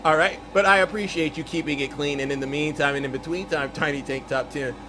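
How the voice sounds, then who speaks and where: A man's voice: a little high, fairly even intonation, fast talker. A man hosting a casual livestream call-in show, teasing and bantering with callers.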